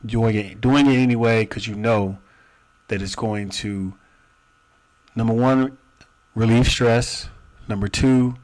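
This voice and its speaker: A man hosting a live show, commenting in a slow, pointed, questioning way on a clip he plays. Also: medium pitch, fairly even intonation, darkish tone. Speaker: host reacting to a clip. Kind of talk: commentary over a played clip.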